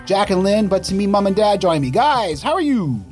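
A man's voice: sits high, very animated, normal speed, a little mellow, faint music behind. A man hosting a gardening radio show in a studio, talking in a playful, joking way. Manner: upbeat, jokey, playful. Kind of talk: casual radio chat.

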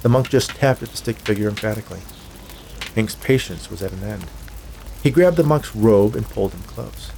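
A man reading a dark tale aloud in a measured, scripted storytelling manner. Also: on the low side, gravelly, a little hiss or hum. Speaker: narrator. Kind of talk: scripted audiobook narration.

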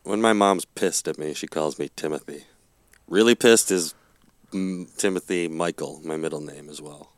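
A man guesting on a podcast, joking along in casual chat with quick reactions. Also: extremely low pitch.

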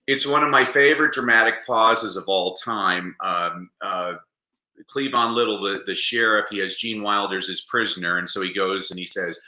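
A man chatting in an interview, animated and jokey, laughing often. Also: fairly low pitch, moderate pace, reverberant, low-quality recording. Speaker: interview guest. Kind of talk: casual interview chat.

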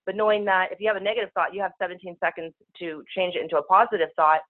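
A woman speaking as a spiritual healer guest, talking very fast in casual, rushing speech over a telephone call-in. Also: fairly low pitch, fairly even intonation. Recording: tinny phone line.

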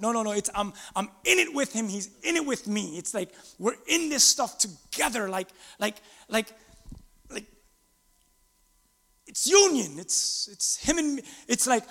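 Animated high-voiced male pastor preaching. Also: moderate pace, vocal fry, long reverb tail. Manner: animated, acts out scripture quotes, asks the congregation to respond. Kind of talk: sermon. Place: church sanctuary.

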